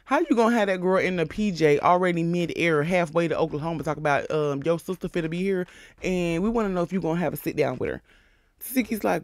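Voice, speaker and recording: A man's voice: high voice, normal speed, dry recording. A man casually recapping a reality show, bluntly and with jokes, acting out the cast members' lines. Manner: blunt, profane, joking asides.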